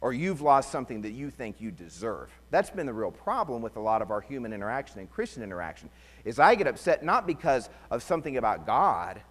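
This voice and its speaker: A man's voice: mid-range voice, fairly quick, in a large hall. A man preaching a conversational sermon, telling stories with humor and animation. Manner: animated, joking storyteller. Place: church.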